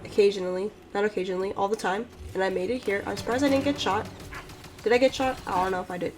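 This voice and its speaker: A woman's voice: mid-range voice, steady tone, quick pace, noisy background. A woman hosting a let's play, narrating her playthrough in rambling, self-deprecating casual commentary. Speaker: gaming channel host.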